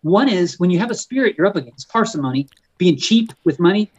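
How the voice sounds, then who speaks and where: A man, an author and guest on a podcast, talking in a fervent preaching style, often repeating words and slowing down on key words. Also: high voice, animated, breathy edge, poor audio. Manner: fervent and emphatic, stretching key words slowly; frequent stumbles and repeated words. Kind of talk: preaching-style conversational talk.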